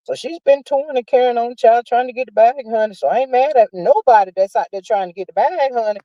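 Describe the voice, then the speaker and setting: A woman's voice: a little high, fast talker, no echo. Woman gossiping on her livestream, sassy and drawn out, keeps saying honey and child, dry slightly muffled sound. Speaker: livestream host. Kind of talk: casual gossip chat.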